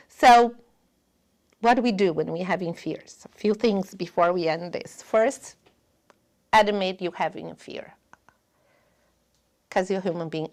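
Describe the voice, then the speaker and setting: A woman giving a spiritual lecture in earnest, non-native English, often dropping to a hush. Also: medium pitch.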